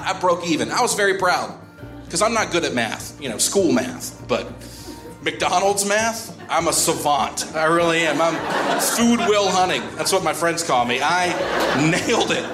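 A male stand-up comedian telling a story on a club stage, animated, with sudden jumps in his voice. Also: fairly high pitch, a little slow. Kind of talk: stand-up set. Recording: echoey live club with music.

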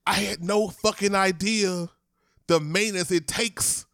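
A man in his thirties co-hosting a casual podcast chat, animated and profane, acting out the voices of people he quotes. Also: sits high, measured pace, clear, resonant tone, no echo, studio quality. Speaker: podcast co-host.

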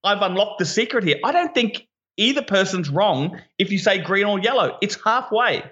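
Bright Australian man, muffled audio. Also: sits high, animated, moderate pace. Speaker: podcast co-host. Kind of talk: casual podcast chat.

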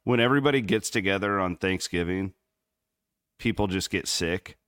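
Man from Southwest Iowa, deep smooth voice, dry close sound, rambling sports podcast co-host. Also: moderate pace, a bit bright, dry recording. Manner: rambling, filler-heavy. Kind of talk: casual sports chat. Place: on the road in Memphis.

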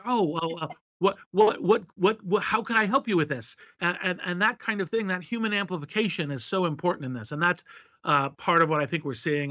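A man's voice: on the high side, pushed and bright, no room sound. A man answering an interviewer's questions at length, expansive and talking in running lists and acted-out examples. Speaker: guest, tech investor. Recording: dull, slightly lo-fi dry sound.

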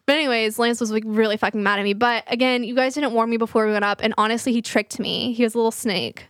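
A young woman with a fairly high voice, chatting casually as a co-host. She tells a story quickly, with "like" in every other breath, laughing and swearing. The sound is close and dry. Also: steady tone, fairly bright tone, no room sound. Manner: fast, filler-heavy, laughing, profane storyteller. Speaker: podcast co-host.

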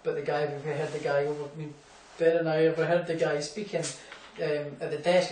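A man's voice: fairly high pitch, little pitch movement, brisk, hardly any pauses, darkish tone, recorded from a distance. A young Scottish man, a boxer, telling rambling anecdotes in a casual interview, full of fillers and laughs. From Scotland. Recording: echoey room, off-mic, faint hum.

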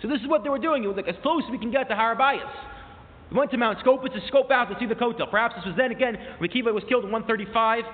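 High-voiced man lecturing in an echoey hall. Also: very fast. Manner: animated, retells story with rising emphasis; mixes in quoted source phrases and restarts. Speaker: teacher. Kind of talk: classroom lecture, storytelling. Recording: tinny phone-like sound with long hall reverb.

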